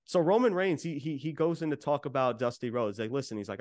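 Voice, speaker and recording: A man's voice: mid-range voice, fast talker, few pauses, a little mellow, no room sound, clean studio sound. Rambling man recapping a wrestling show. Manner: rambling, many fillers, re-enacting quotes. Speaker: podcast co-host.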